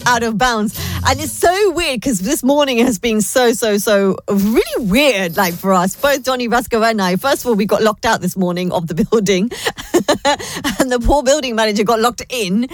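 A woman presents a breakfast radio show from a studio, chatting and telling a story while she keeps laughing, giggly and animated. Her voice is a little high at a moderate pace, recorded on a studio microphone with no room sound.

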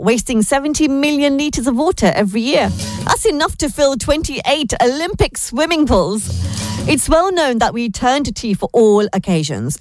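A woman presenting a morning radio show, chatting casually and dropping Hindi words into her English. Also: sits high.

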